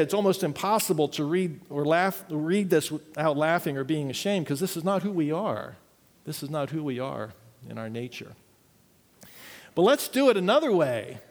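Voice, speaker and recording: A man's voice: a little high, long reverb tail. A man preaching as a pastor, earnestly leading his congregation through a unison reading. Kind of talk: sermon.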